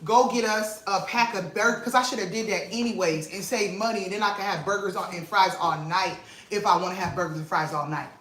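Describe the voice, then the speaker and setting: A woman vlog host, telling an animated, emphatic story to her viewers and repeating lines for effect, at home in her kitchen. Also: lowish voice, quick pace. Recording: roomy echo with faint noise.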